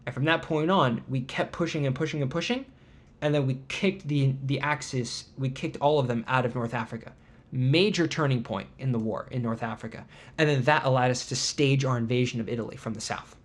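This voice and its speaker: A man's voice: medium pitch, fairly quick. A man hosting a podcast, telling an indignant travel story in casual chat with sarcastic asides. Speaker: podcast host.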